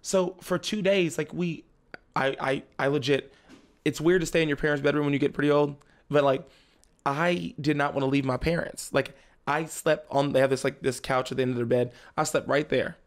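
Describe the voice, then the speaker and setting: A young man chats casually as a podcast guest, telling a story about his family with plenty of laughter. His voice sits a bit high and has a gravelly rasp. He often slips into the voices of his relatives as he tells it. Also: fairly even intonation, normal speed.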